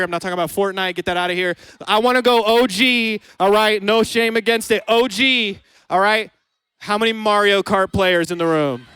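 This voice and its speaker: A man preaching a lively youth sermon in a church hall, joking with the audience and acting out both sides of a scene. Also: high voice, clean tone. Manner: playful, jokes with the crowd, acts out both sides of a scene. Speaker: youth pastor.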